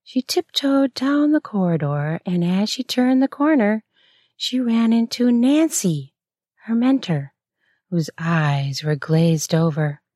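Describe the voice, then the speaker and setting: A woman narrating a read-aloud erotic story in a measured, unhurried way. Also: medium pitch, dark tone, dry recording, clean studio sound.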